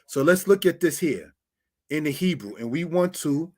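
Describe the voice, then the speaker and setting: Guy walking thru hebrew verses on slides, kinda high voice, keeps saying brothers and sisters. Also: normal speed. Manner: repeats "brothers and sisters", steady explaining. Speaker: Hebrew teacher. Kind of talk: online Bible lesson with slides.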